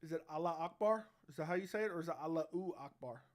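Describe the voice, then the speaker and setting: A man's voice: fairly high pitch, fast. Brash young man streaming live. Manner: brash, loose banter with slang and swearing. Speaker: livestream host. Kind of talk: casual live chat reading. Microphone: studio dynamic mic.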